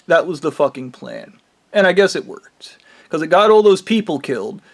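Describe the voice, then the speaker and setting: Casting note: a man ranting alone to camera, angry and swearing, slightly higher pitch. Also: animated, moderate pace, creaky. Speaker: vlogger.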